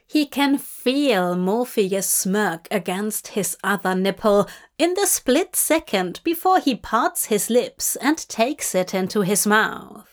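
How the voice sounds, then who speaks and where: A woman reading a fanfic aloud as audiobook narration, in a measured, intimate way. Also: medium pitch, expressive. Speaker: fanfic reader.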